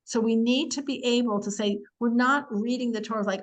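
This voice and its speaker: A woman teaching the weekly Torah portion in a chatty, animated way, acting out quotes and using many fillers. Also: fairly high pitch, normal speed, few pauses, poor audio.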